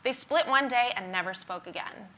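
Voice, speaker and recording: A Canadian-born woman in her thirties whose accent has softened after years in Britain. Her bright tone carries chatty, self-mocking stories about her life, and a faint room hum sits under the talk. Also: on the high side. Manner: chatty, wry, self-deprecating, quick asides. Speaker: stand-up comedian, interview guest. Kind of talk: onstage interview. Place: conference stage before an audience.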